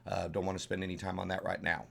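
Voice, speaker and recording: Folksy Southern man, low voice. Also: monotone, fast talker, gravelly, fairly bright tone. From Southern United States. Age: older. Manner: rambling, folksy, frequent restarts and fillers. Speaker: dungeon master tutorial host. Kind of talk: casual instructional talk.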